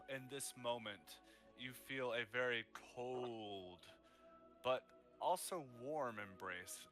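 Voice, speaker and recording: A man running a tabletop game as game master, narrating in a relaxed, descriptive way. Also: mid-range voice. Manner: relaxed, descriptive, with many fillers.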